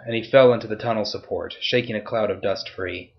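A man narrating a story in a steady, even storytelling voice. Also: on the low side, a little fast, few pauses, dull audio. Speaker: audiobook narrator. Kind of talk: scripted narration.

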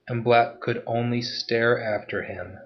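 A man giving a steady, scripted narration of a story. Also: medium pitch, a little slow, highs cut off, a little hiss or hum.

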